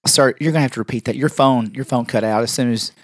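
A man's voice: medium pitch, quick pace, lightly acted. A man voicing a flustered female office receptionist who talks in clipped, exasperated bursts.

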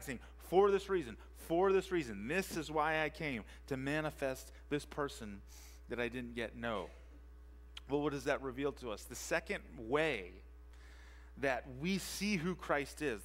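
A man who is a pastor, preaching a sermon with emphatic repetition and rhetorical questions, moving between quiet and loud for emphasis. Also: mid-range voice, expressive, normal speed. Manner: emphatic, repeats key phrases and asks rhetorical questions. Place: church sanctuary.

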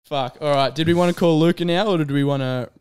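Smooth-voiced young man, dry quips. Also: a little high, fast, darkish tone. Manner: dry quips and short interjections. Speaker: podcast co-host. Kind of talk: casual chat.

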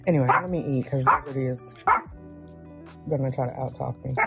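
A woman's voice: very deep voice, steady tone, a little fast, gravelly, music in the background. A woman in her thirties chatting casually in a vlog, talking herself through her breakfast and her groceries. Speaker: vlogger.

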